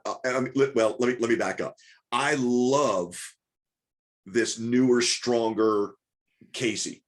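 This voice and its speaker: Fast-talking, coaxing male business coach. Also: fairly low pitch. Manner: rapid, repetitive restarts, coaxing and rhetorical questions. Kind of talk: live group coaching call.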